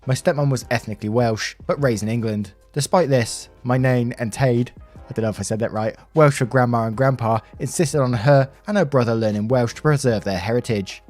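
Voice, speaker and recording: A man's voice: medium pitch, fairly quick, a little mellow. A man reading online stories aloud, in a conversational tone with wry asides. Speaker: story narrator. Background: faint background music.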